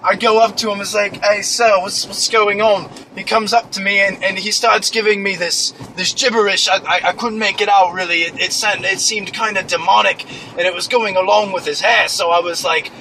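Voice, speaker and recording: A man's voice: sits high, steady tone, normal speed, bright, forceful tone, a little hiss or hum, poor audio. A young man improvising a crude, clueless young British man who rambles, stammers and swears constantly, with a put-on British accent. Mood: worked up. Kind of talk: improvised comedy monologue.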